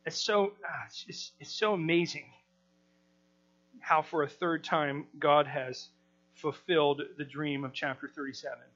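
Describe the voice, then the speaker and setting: A man's voice: on the high side, fairly even intonation, unhurried, a bit bright, highs cut off. A man teaching through a scripture passage verse by verse in a conversational way, often restarting his sentences and acting out the people in the story. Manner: conversational, with frequent restarts, acts out the quoted people. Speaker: Bible teacher.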